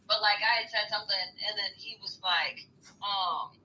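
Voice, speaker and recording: A woman's voice: mid-range voice, normal speed, sharp tone, poor audio. A woman on a call in a casual live chat, telling stories bluntly and animatedly. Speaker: guest.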